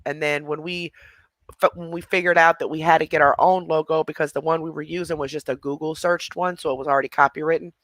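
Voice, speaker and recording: A man's voice: on the high side, fairly even intonation, fast, fairly bright tone, no room sound. A man hosting a livestream, chatting casually with viewers and laughing often. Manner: chatty, laughing, responding to chat. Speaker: livestream host.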